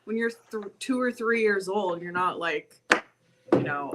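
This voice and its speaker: A woman's voice: medium pitch, unhurried, fairly bright tone. A woman who is a guest on a casual podcast, speaking earnestly and chatting freely. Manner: earnest, chatty, laughs easily.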